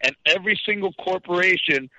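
A man's voice: sits high, a little fast, bright, forceful tone. A man from Canada ranting with passion as a guest on a talk radio interview, heard through dull lo-fi radio sound. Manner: impassioned, ranting.

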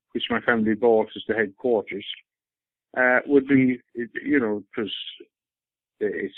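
A man's voice: medium pitch, dry recording, narrow, tinny audio. An Irish man giving a rambling, insistent account in an interview, often repeating himself.

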